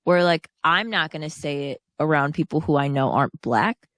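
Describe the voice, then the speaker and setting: A woman's voice: low voice, normal speed, fairly bright tone, no room sound, studio quality. A woman co-hosting a podcast in casual chat, rambling and hedging with many fillers. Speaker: podcast co-host.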